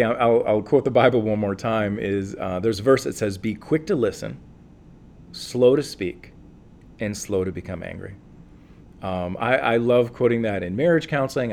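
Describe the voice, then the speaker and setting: A man, a counselor, answering interview questions in a calm, earnest and reflective way, with many fillers and restarts. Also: mid-range voice, a little hiss or hum. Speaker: guest, counselor.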